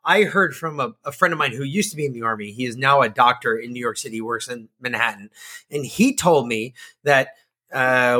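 Bright, husky man ranting. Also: medium pitch, brisk. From Georgia, USA. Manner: profane, animated ranting. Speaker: podcast co-host. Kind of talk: casual political chat.

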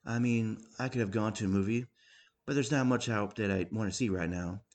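A man voicing a sarcastic young woman patient who answers in a dry, deadpan way. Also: lowish voice, fairly quick, lightly acted.

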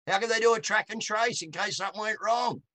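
A blunt Australian man spins an animated story in broad, colloquial speech. His voice is bright and forceful, and it sounds close and dry, with no room around it. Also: high voice, fast talker, no room sound. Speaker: guest. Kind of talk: casual storytelling.

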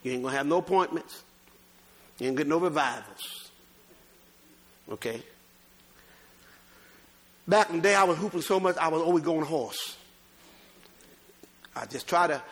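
A man preaching a sermon as pastor, swinging between loud bursts and low asides. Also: moderate pace, pauses often.

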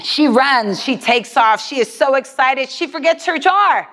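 Casting: a high-voiced woman preaching a lively, emphatic sermon, with a long hall reverb. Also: measured pace. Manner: animated, emphatic, repeats key lines.

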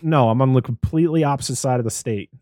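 A man hosts a podcast in a rambling, offhand way, swearing now and then. His recording is dry and close. His voice sits around a middle pitch. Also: fast, dark tone, dry recording. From Western Massachusetts. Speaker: podcast host. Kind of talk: casual chat.

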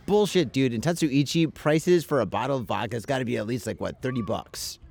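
A man's voice: medium pitch, fairly quick, gravelly, darkish tone, faint music behind. A man co-hosting a podcast outdoors in a park, teasing and interrupting his friend. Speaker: podcast co-host. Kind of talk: casual chat.

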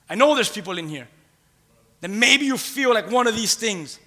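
A passionate male pastor delivering a sermon in a bright, forceful, slightly high voice. He drops to near-hushed intimacy, then builds to loud, rhythmic calls, repeating his phrases and urging the congregation to answer back. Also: lively intonation, normal speed.

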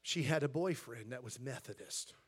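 A man preaching a sermon as pastor, with an American accent, telling a story quietly and then rising to loud, shouted preaching in a church. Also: mid-range voice, moderate pace, husky. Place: church sanctuary.

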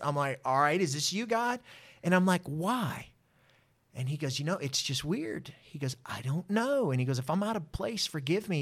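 A man recounts a personal story as an interview guest. His voice sits somewhat high for a man. He acts out what each person said with lively energy. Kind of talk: storytelling testimony.

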